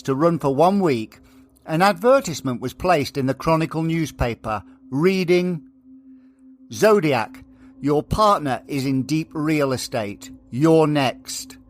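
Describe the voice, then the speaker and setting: A man reading scripted true-crime narration for a podcast, slowing down deliberately when he reads out letters. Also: fairly high pitch, lively intonation, slight background noise.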